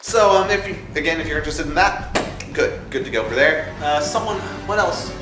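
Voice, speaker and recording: A young man hosting a casual vlog that calls for voice actors for his fan film, animated and jokey, dropping into put-on voices. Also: fairly high pitch, fairly quick. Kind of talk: casual casting-call vlog. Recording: echoey room with music behind.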